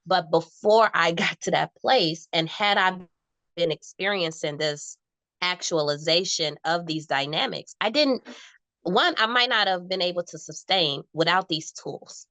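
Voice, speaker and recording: Earnest woman with a low voice. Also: a little slow, bright, forceful tone, dry recording. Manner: earnest, thoughtful, self-reflective. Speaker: podcast co-host. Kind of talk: reflective casual conversation.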